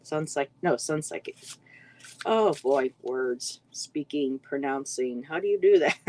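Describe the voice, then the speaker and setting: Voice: medium pitch, animated, unhurried, a little mellow, a little hiss or hum, rough recording. A card reader hosting a casual livestream, greeting viewers in the chat by name and now and then tripping over words.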